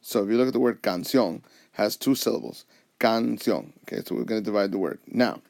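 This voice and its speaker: A man's voice: fairly low pitch, fast, a little mellow, dry recording, clean studio sound. A man teaching a Spanish lesson over a whiteboard, explaining patiently step by step and switching between English and Spanish.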